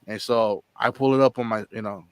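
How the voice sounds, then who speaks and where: Rambling low-voiced man telling a story. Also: steady tone, brisk, smooth, no echo, clean studio sound. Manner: rambling, repeats words and acts out quotes. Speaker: channel host. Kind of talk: casual storytelling chat.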